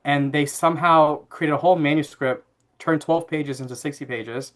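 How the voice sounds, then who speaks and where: A man in his thirties tells a family anecdote in easy conversational rhythm. He leans on fillers and restarts, and his voice sits slightly on the higher side. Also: moderate pace. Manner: animated anecdote-telling with frequent fillers and laughs. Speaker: podcast guest. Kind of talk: casual interview storytelling.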